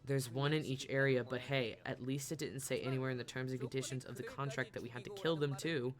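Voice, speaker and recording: A man's voice: medium pitch, steady tone, fast talker, lightly acted. A man voicing a streetwise male mercenary in a game, talking in a casual, slangy way.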